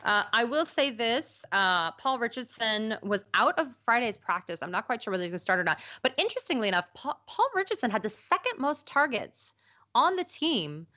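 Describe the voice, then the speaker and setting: A woman's voice: on the high side, sing-song, bright, forceful tone. A woman co-hosting a live fantasy football stream, chatting casually, laughing easily and rattling through player picks. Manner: chatty, laughs easily, reads ad copy quickly. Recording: slightly dull lo-fi live-stream audio.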